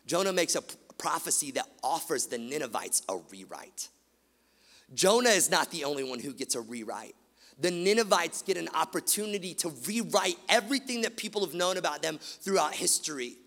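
A man preaching a sermon, animated, swinging from loud emphatic lines to quiet, hushed ones. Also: on the high side, brisk. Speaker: pastor. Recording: long hall reverb.

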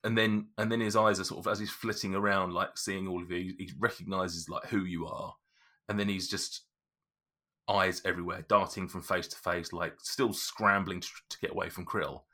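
Bright-voiced man running a tabletop game. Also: sits low, steady tone, normal speed. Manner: hesitant, lots of restarts. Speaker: game master.

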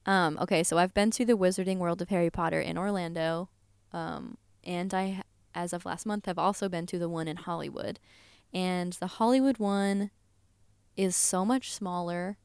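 A young woman with a low, smooth, resonant voice, talking casually as a podcast guest. She rambles with plenty of "like" fillers and easy swearing, recorded close and dry. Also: steady tone, moderate pace, darkish tone, no room sound. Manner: chatty, full of "like" fillers, swears and laughs easily. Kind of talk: casual chat.

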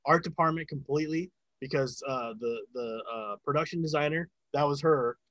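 A man's voice: on the high side, normal speed, fairly bright tone, no echo, dull audio. Guy rambling thru a set story, tons of "like", cussing, dry close sound. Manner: rambling, heavy filler words and swearing. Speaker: film sound crew member telling a story. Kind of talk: casual chat.

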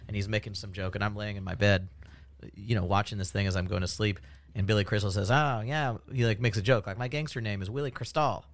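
A man's voice: fairly low pitch, steady tone, quick pace. A man who is a guest comedian, telling a wry story in a casual podcast chat.

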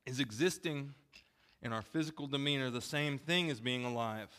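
Bright-voiced man giving a chatty sermon. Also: mid-range voice, moderate pace. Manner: chatty, self-deprecating asides. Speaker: preacher. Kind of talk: casual sermon. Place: church gym.

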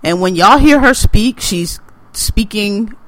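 High bright-voiced man, ranting. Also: slow pace, no room sound. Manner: animated, profane, ranting. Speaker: podcast co-host. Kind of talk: casual podcast chat.

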